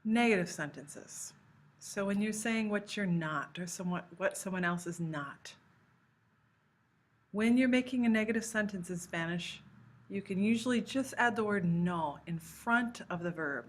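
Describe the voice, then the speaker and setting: A woman teaching a recorded language lesson, explaining patiently step by step and slowing down to model example phrases. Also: mid-range voice. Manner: slows down to model Spanish phrases. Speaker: Spanish teacher.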